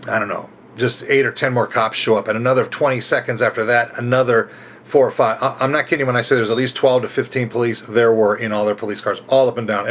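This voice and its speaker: A middle-aged man tells a story in a casual, rambling way, restarting his sentences and acting out the shouted quotes. His voice sits at an ordinary middle pitch. A faint ambient hum runs beneath the recording. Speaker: rideshare driver telling a story. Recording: faint ambient noise behind.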